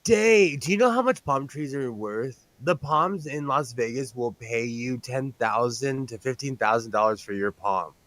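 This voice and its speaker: A man's voice: mid-range voice, measured pace, hardly any pauses, a bit bright, dry recording. A man hosting a casual chat while sewing, rambling and telling stories with animation. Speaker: host.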